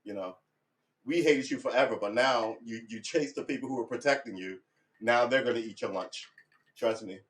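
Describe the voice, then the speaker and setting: A middle-aged man chatting casually on a livestream about guitar practice, rambling and swearing, getting loud and heated when he rants. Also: mid-range voice, moderate pace.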